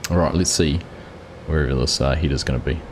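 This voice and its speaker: A man's voice: very deep voice, quick pace, slight background noise. A man hosting a live farming game stream, chatting casually and greeting viewers by name while he plays. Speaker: livestream host. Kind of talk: casual gameplay commentary.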